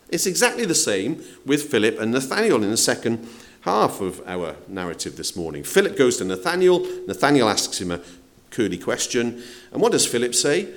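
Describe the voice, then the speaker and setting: Here a pastor preaches a sermon to his flock, his pitch swinging up and down with lively energy. He talks conversationally, posing rhetorical questions and dramatizing each quote he relates.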